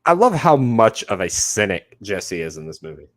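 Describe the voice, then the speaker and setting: A man's voice: lowish voice, very animated, normal speed. A man hosting a casual film watch-along, joking wryly and laughing often. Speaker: host.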